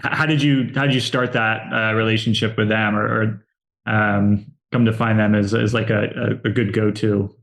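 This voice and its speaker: A man hosting a podcast, asking casual interview questions in a halting way, often restarting his words. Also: on the low side, level tone, a bit bright, low-quality recording. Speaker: podcast host.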